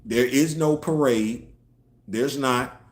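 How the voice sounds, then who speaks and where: A man's voice: mid-range voice, slow. A man hosting a casual live online show, talking emphatically, firing off rhetorical questions and answering viewer chat. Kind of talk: casual live-stream commentary. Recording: echoey room.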